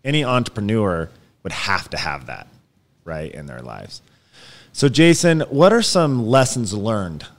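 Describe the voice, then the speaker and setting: Low-voiced male podcast host. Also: sing-song, a little slow. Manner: asks long, searching questions. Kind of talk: podcast interview.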